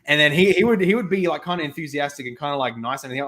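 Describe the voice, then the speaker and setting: A young man with an Australian accent, hosting a casual chat over a video call and telling stories with lots of laughter. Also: on the high side. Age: young adult. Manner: animated storytelling, laughs often, quick asides. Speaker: host.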